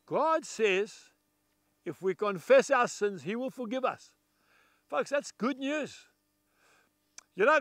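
A man's voice: very high voice, bright, forceful tone, dry recording. A man preaching a televised sermon in an emphatic, folksy manner, repeating key phrases and speaking straight to the viewers. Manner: addresses viewers directly with asides.

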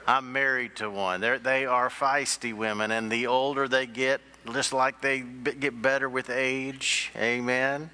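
Bright-voiced joking pastor. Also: male voice, medium pitch, fairly even intonation, a little slow, few pauses. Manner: joking storyteller who quizzes the congregation. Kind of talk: sermon.

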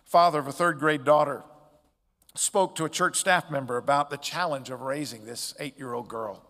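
A man preaching a sermon as pastor, expressive, with loud emphatic peaks and quiet drops. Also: fairly high pitch, normal speed. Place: church sanctuary. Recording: long church hall reverb.

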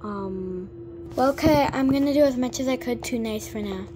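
A woman's voice: a little high, normal speed, mellow, faint music behind. A girl giving chatty gameplay commentary, full of fillers and sudden exclamations. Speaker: gamer.

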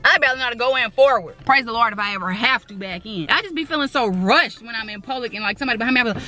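A woman's voice: fairly high pitch, lively intonation, racing, bright, forceful tone, soft background music. A young woman vlogging casually from her home kitchen, rambling and chatty, talking to her viewers as y'all. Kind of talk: casual chat. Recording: echoey room.

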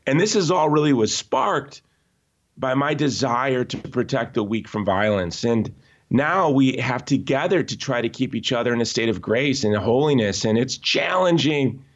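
A man being interviewed, telling stories in an animated, emphatic way with frequent restarts. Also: medium pitch, moderate pace, highs cut off. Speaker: interview guest. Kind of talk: conversational podcast interview.

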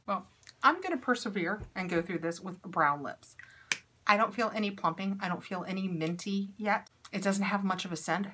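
A woman's voice: mid-range voice, fairly bright tone, slightly rough. A woman chatting casually to camera while unboxing and trying beauty products, upbeat and thinking aloud as she goes.

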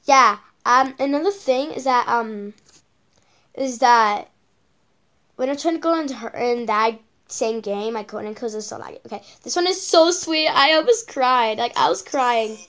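A woman's voice: on the high side, a little slow, fairly bright tone. A female channel host giving casual reaction commentary on videos, rambling with lots of repeated okays and ums.

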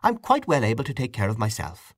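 A man reading an audiobook voices an independent young woman who talks briskly and emphatically. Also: mid-range voice, wildly swooping pitch, no room sound, studio quality.

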